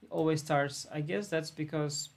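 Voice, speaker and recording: A man's voice: fairly high pitch, fairly even intonation, normal speed, creaky. A laid-back man thinking aloud as he plays an online chess simul on a live stream. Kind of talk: live-stream commentary while playing.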